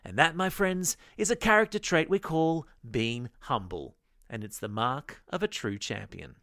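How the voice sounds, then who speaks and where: A man's voice: mid-range voice, animated, measured pace, vocal fry, pushed and bright, no room sound, studio quality. A man hosting a daily kids' news podcast, reading scripted stories in a playful, upbeat way with jokey asides. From Australia. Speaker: news podcast host for kids. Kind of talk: scripted news narration for kids.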